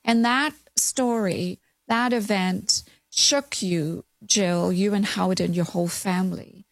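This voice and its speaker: A woman host answering her guest with gentle sympathy. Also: mid-range voice, takes it slowly, vocal fry, dry recording. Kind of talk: interview talk.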